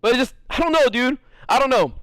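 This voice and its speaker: Man, high lively voice, rambling crude jokes, dry close sound. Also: fast, dry recording. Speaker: streamer. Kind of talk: casual chat.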